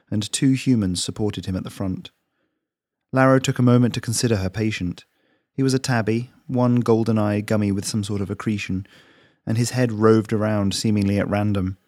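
Low-voiced man reading his story. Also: a little mellow, no echo, studio quality. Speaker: author and narrator.

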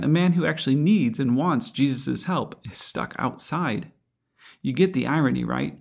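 A man's voice: mid-range voice, gravelly. A man preaching a sermon in an earnest, reflective way, asking rhetorical questions.

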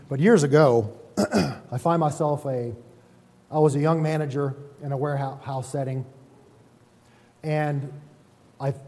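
A man who is a pastor, preaching a relaxed, conversational sermon in a folksy, self-deprecating way and often checking in with the congregation. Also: medium pitch. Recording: reverberant hall sound.

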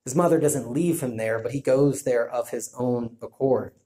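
Male Bible teacher, mellow tone, restarts often, roomy echo. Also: medium pitch, normal speed. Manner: thinking aloud with restarts. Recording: echoey room.

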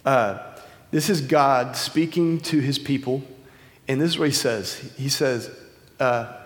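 A man's voice: mid-range voice, a little slow. A man giving an informal sermon in a casual, conversational way with many fillers and restarts, speaking into a wireless microphone. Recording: long hall reverb.

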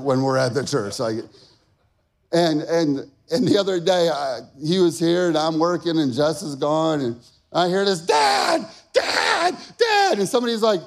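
A man preaching, telling a personal story with strong emotion that builds from quiet talk to shouted peaks. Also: a little high, normal speed. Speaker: pastor.

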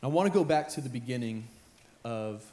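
A young man, a high school pastor, preaching an earnest sermon that repeats phrases and builds in intensity. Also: lively intonation, brisk, dark tone. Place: church sanctuary with band playing behind. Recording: roomy church hall with live music.

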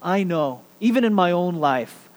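A man with a high, bright voice preaches a sermon in a big church hall, and his words ring out with a long reverb. He tells stories with animated build-ups, then drops to a hushed, quiet voice to make his point. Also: a little slow. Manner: animated storytelling, dropping to quiet for emphasis. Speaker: pastor.

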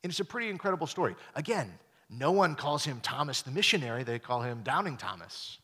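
A young man preaching a sermon as a pastor, casual and lively, with slang asides and quoted lines acted out. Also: medium pitch, quick pace, breathy edge. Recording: long hall reverb.

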